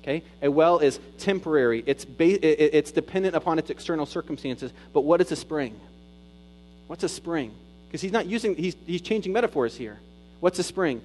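A man preaching a sermon as pastor, rising to loud emphatic peaks and dropping to soft, intimate retelling. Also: on the high side, expressive, fairly quick, rough recording.

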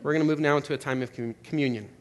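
A man's voice: fairly high pitch, steady tone, rapid-fire. A man preaching a sermon in an earnest, conversational way, with some fillers. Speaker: pastor.

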